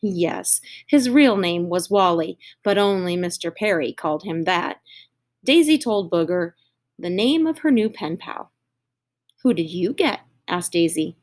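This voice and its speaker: Slow, expressive woman reading a children's story. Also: fairly low pitch. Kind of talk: children's story read-aloud.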